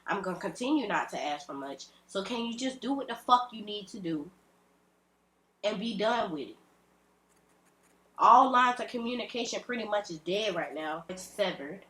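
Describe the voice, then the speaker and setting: A woman's voice: medium pitch, expressive, normal speed, a bit bright. A woman, speaking bluntly and profanely in a direct-to-camera vlog rant at home. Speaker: vlogger. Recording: echoey room.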